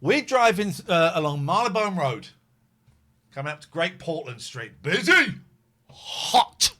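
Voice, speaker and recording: Animated, sweary man telling stories. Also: fairly high pitch, measured pace. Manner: animated storyteller, sweary, teasing. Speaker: podcast host. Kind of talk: casual chat.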